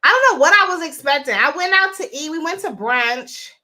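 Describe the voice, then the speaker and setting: Woman streamer, high bright voice, chatty and blunt, casual live talk on a phone. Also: lively intonation, a little fast.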